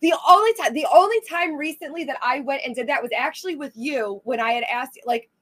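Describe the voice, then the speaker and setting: A woman with a fairly high voice in an open, unscripted chat. She talks frankly and reflectively about her own habits and curses now and then. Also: a little fast, a bit bright, rough recording. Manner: candid, reflective, swearing. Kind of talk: casual chat.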